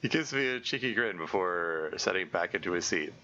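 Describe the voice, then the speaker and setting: A man's voice: deep voice, lively intonation, a little fast, sharp tone, highs cut off, slight background noise. A man reading a visual novel aloud with commentary, stammering, repeating words and laughing often. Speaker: let's play gamer.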